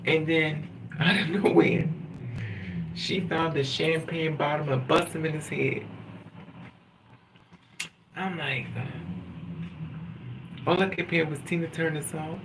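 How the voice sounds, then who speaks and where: Rambling, profane man with gravelly voice. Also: a little high, slow, long pauses. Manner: rambling, profane, animated storytelling. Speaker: vlogger. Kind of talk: casual monologue to camera. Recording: distant mic with loud background noise.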